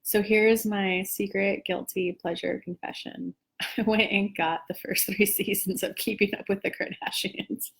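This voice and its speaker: A woman's voice: mid-range voice, fairly even intonation, unhurried, gravelly. A woman who is a spiritual teacher, chatting casually and self-deprecatingly with viewers on a livestream from home.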